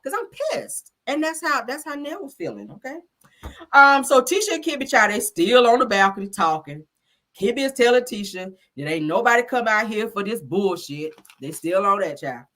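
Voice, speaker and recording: Woman, sassy chatty recap, animated pitch, casual commentary. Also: moderate pace. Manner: sassy, chatty, peppered with "honey" and "child". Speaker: reality show recapper.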